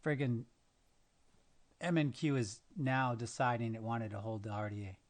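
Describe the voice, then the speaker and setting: A man's voice: mid-range voice, fairly even intonation, normal speed. A man with the hiccups doing live trading commentary and muttering to himself, frustrated and cursing. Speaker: day trader streaming his trades.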